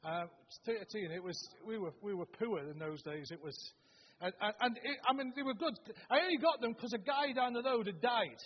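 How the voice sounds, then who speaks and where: A man in his seventies with a Stoke-on-Trent accent, opening a sermon with homely, humorous stories, often halting and restarting. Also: high-pitched, slight background noise. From Stoke-on-Trent, England. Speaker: preacher. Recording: dull, long-reverb hall recording.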